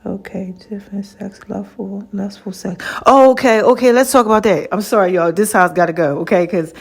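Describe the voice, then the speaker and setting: A woman hosting her own podcast, telling a personal story in a chatty, animated way, acting out both sides of old conversations and calling her listeners baby and child. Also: mid-range voice, fairly quick, breathy edge. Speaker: podcast host. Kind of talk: casual storytelling monologue.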